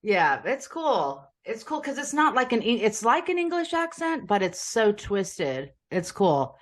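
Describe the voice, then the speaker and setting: A woman's voice: a little high, big pitch swings, a little slow. An American woman with a Philadelphia accent, chatting as an interview guest and rambling easily. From United States. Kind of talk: casual interview chat.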